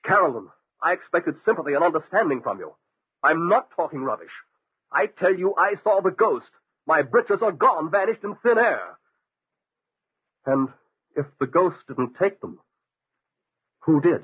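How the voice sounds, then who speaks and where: An actor playing a shaken, defensive young officer in a 1940s radio drama, speaking in a hoarse, agitated way. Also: male voice, fairly high pitch, very animated, normal speed, long pauses, exaggerated voice. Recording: tinny old radio recording.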